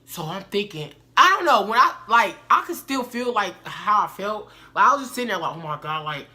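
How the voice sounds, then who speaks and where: A young woman tells a story straight to her viewers. Her bright voice swings up and down as she talks. She keeps it loose and slangy, calling her audience "y'all". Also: medium pitch, big pitch swings, moderate pace. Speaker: vlogger. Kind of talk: casual storytelling to camera.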